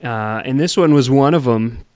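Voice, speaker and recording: A man's voice: medium pitch, normal speed, darkish tone, no room sound. A man hosting a casual radio chat, rambling and hesitant, laughing easily. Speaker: radio host.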